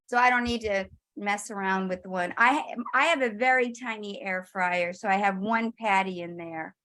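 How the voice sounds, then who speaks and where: A woman's voice: medium pitch, moderate pace, sharp tone. A woman on a video call chatting casually and asking friendly questions as a home cook. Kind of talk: casual chat.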